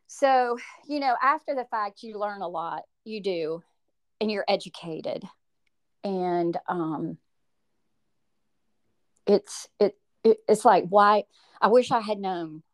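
A middle-aged mother, a guest, recounting a hard personal story, halting with fillers and acting out what people said. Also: mid-range voice. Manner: animated, acts out quoted voices, halting with fillers.

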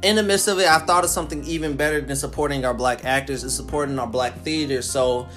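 A man's voice: medium pitch, fairly even intonation, quick pace, fairly bright tone, faint music behind. A man hosting a podcast in casual, rambling chat with joking asides. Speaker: podcast host.

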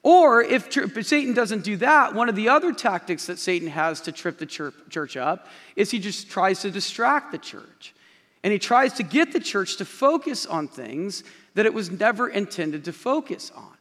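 A man's voice: high-pitched, big pitch swings, normal speed, a bit bright. A male pastor giving an emphatic sermon from the stage of a large church, repeating key phrases and speaking directly to the congregation. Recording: long reverb of a large hall.

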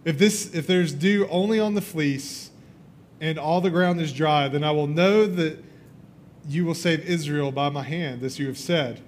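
A man delivers a sermon and retells a scripture story with animated flair. He jumps into the characters' lines as he goes. His voice sits a little high for a man, and a faint low rumble runs underneath. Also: measured pace. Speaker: preacher.

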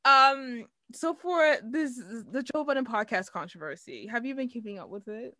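A woman co-hosting a podcast in casual chat, expressive and exclaiming often. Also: fairly high pitch, no echo. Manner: expressive, exclaiming, quick laughs. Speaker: podcast co-host.

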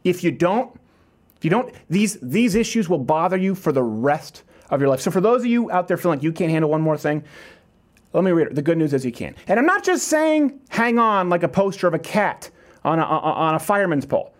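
A man's voice: high voice, big pitch swings, fairly quick. Emphatic man giving a pep talk. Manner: emphatic, repetitive, jokey asides. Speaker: host. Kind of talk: motivational monologue.

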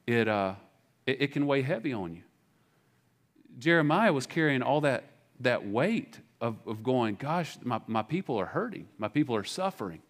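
Pastor guy preaching, mid-pitched voice, chatty and candid, lots of restarts and ums. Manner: conversational and candid, with frequent fillers and restarts. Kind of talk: sermon. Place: church sanctuary.

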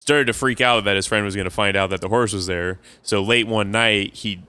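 Man, low voice, bright and crisp, dry close mic, casual rambling chat. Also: fairly even intonation, brisk, no echo. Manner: rambling storyteller, laughs at own stories.

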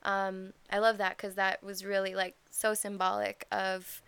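A woman's voice: mid-range voice, completely flat delivery, unhurried, creaky, fairly bright tone, clean tone. A woman co-hosting a casual chat, rambling with many fillers and restarts. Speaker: podcast co-host.

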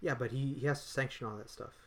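A man's voice: medium pitch, fairly even intonation, quick pace, a bit bright. A man co-hosting a casual podcast, rambling loosely with frequent restarts. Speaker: podcast co-host. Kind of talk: casual chat.

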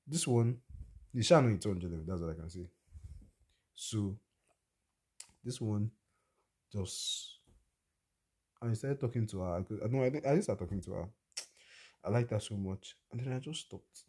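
A man's voice: on the low side, lively intonation, moderate pace, pauses often, warm tone, breathy edge. A young man, telling a personal story on his podcast in a blunt, opinionated way. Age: young adult. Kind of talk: casual storytelling monologue.

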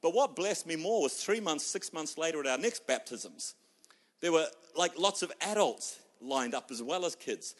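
A male pastor preaching a sermon, telling stories and acting out people's voices, swinging between loud outbursts and hushed moments. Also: a little high, animated, normal speed.

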